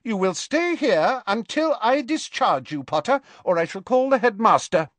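Guy doing a high bossy nurse lady, brisk n stern, storybook. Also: animated, fairly bright tone, no room sound. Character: fussy bossy school matron, woman.

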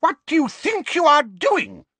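A man's voice: sing-song, unhurried, sharp tone, no room sound, exaggerated voice. A man doing a shrieking old librarian woman. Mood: furious. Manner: screaming, high and shrill. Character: shrieking elderly female librarian, furious.

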